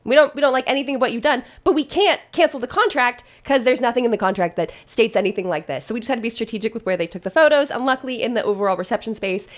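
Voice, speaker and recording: High-voiced woman, chatty wedding-planner host, laughs a lot, casual reaction talk. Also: racing, hardly any pauses. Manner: chatty, laughs often, animated.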